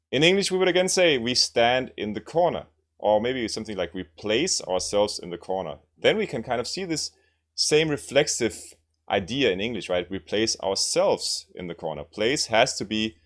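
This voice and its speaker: A man teaching language lessons, explaining grammar and repeating example sentences, often checking in with "right?". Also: medium pitch.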